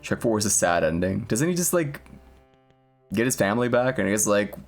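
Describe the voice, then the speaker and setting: Low-voiced rambling male streamer. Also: very animated, moderate pace, soft background music. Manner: rambling, crude and jokey, laughs often. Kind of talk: casual gameplay chat.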